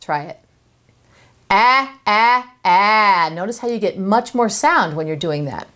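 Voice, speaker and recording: A woman vocal coach, giving a singing lesson with clear, instructive explanations. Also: on the low side, lively intonation, brisk. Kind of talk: singing lesson with sung demonstrations.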